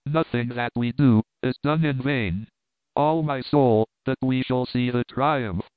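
A man's voice: mid-range voice, unhurried, clean tone, dry recording, close to an everyday voice. A relentless, vengeful wine-shop wife, firm and insistent in every word, read by a man in his own plain voice. The sound is thin and phone-like, with no room around it. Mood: resolute. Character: fierce, relentless middle-aged Frenchwoman, wine-shop keeper. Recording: tinny phone-like, dry.

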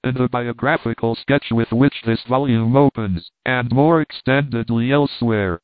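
Man, measured narration, dry, tinny phone-like sound. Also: mid-range voice, no room sound. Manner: steady measured reading. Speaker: reader. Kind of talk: scripted narration of old letters.

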